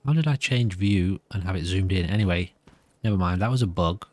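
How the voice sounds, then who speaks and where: A man's voice: low voice, fairly quick. A nervous man giving rambling, self-amused commentary while playing a video game. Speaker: gameplay commentator.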